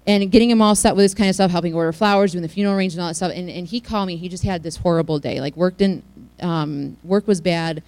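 Woman, church testimony, heartfelt storytelling, gravelly fry, lowish voice. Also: steady tone, fast, no room sound, poor audio. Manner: heartfelt storytelling, swinging from hushed to loud. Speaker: church speaker sharing a testimony. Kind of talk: personal testimony to a congregation.

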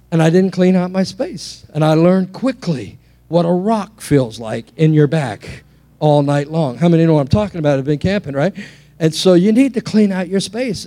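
A man preaching in a church with a fairly high, warm, mellow voice. He tells lively stories from the pulpit, often restarting his sentences as he builds his points. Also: moderate pace. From England. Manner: animated preaching with storytelling and repeated restarts. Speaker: pastor. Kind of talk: sermon.

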